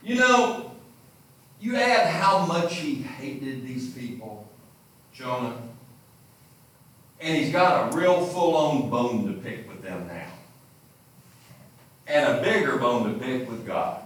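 A man's voice: sits high, very animated, takes it slowly. A man preaching a sermon, retelling scripture stories with dramatic emphasis. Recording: very echoey room, distant mic.

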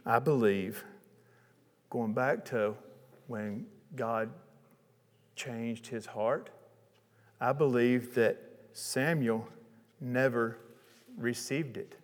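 A man preaching a sermon, retelling a Bible story in a casual, lively way with chatty asides. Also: mid-range voice, extremely slow, pauses often, big-room sound.

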